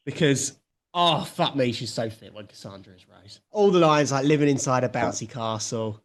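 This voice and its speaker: A man's voice: mid-range voice, a little fast. A man co-hosting a podcast, joking around, swearing casually and laughing easily. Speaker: podcast co-host.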